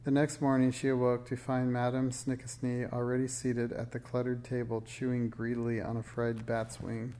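A man reading a children's storybook aloud in a steady, gentle storytelling manner. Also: mid-range voice, normal speed, few pauses. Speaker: reader. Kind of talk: storybook read-aloud narration.

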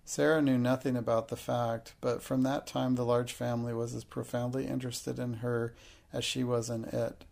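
A man reads a children's novel aloud in a steady, measured way. His voice is gravelly and his delivery stays level, with little rise and fall. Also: mid-range voice. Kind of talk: audiobook narration.

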